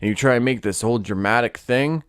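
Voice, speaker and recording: A man's voice: medium pitch, fast, clear, resonant tone, dry recording. Guy ranting solo on his podcast, swears a lot, dry close mic sound. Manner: profane, ranting and animated. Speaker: podcast host. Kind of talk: casual solo monologue.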